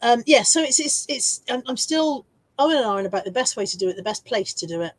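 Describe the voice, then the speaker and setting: A woman hosts a casual live stream from home, reading viewer comments aloud, laughing easily, and switching to a high baby-talk voice for her dog. She talks briskly, and the recording is rough with no room sound.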